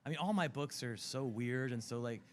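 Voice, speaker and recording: A middle-aged man, a comic book writer, chatting as a guest in an interview, telling animated stories and acting out quotes. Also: mid-range voice, normal speed, slight background noise. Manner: animated storyteller, acts out quotes, laughs often. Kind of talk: casual interview chat. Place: convention floor TV set.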